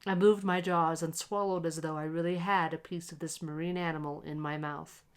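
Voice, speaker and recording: A woman with a low, clean-toned voice narrates a classic short story, giving a calm, measured, and expressive reading meant to help listeners relax.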